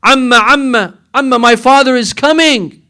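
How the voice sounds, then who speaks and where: A man's voice: very high voice, moderate pace, sharp tone, voice pushed up. A man voicing a three-year-old girl who pleads tearfully for her father, in a sermon's retold story. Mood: pleading. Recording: echoey hall reverb.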